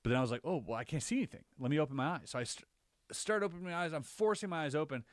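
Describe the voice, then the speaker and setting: A man on a podcast, casually recounting his own experiences as an animated storyteller whose voice jumps higher when he relives the scary parts. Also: rapid-fire, no echo, studio quality. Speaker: podcast co-host.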